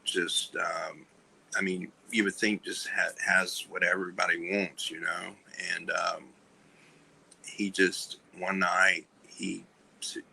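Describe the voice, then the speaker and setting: A man speaking as a podcast guest, telling a personal story candidly in a halting way, with many fillers and restarts, and often trailing off softly. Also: sits low, little pitch movement, vocal fry, slightly rough, poor audio. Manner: soft-spoken, trailing off. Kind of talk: candid conversation about recovery.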